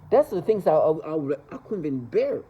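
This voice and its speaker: A man's voice: fairly high pitch, big pitch swings, normal speed, husky, narrow, tinny audio. A man talking to camera in a rambling, agitated monologue, repeating himself and stumbling over restarts.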